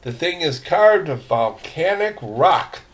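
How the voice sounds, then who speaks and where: A man's voice: on the high side, big pitch swings, takes it slowly. An older man doing a stubborn young explorer. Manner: stubborn, inquisitive.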